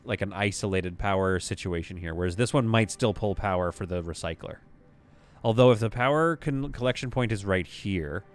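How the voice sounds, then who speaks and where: A man from western Canada livestreaming a space-building game, thinking aloud and chatting with viewers as he plays. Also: mid-range voice. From Vancouver, Canada. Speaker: streamer playing a space sim. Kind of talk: live gameplay commentary, chatting with viewers.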